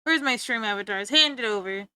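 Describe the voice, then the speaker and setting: A woman's voice: on the high side, fairly quick, pushed and bright, clear, resonant tone, dry recording. A young woman streamer chatting playfully with her viewers, teasing and giggling as she talks. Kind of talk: casual chat with stream viewers.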